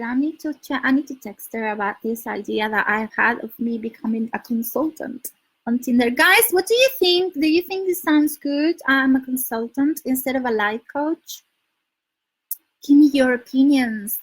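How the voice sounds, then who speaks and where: A woman's voice: high-pitched, moderate pace, slightly rough, rough recording. A woman from Spain with a Spanish accent, chatting casually on a live stream, giving dating advice, laughing often and reading out viewer comments. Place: her home in London.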